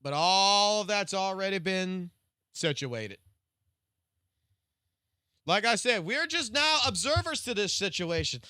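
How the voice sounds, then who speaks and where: A high, bright male streamer talks in a lively, swooping voice. He rambles through a profane late-night rant, restarting sentences as he goes, in a dry, close sound. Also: slow, pauses often, no room sound. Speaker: live streamer.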